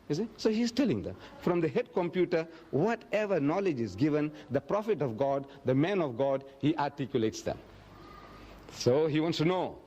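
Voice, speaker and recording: Animated man giving a religious lecture. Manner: dramatic, acts out quoted speech with big pitch swings; slows and stresses key phrases. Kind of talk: public lecture to an audience.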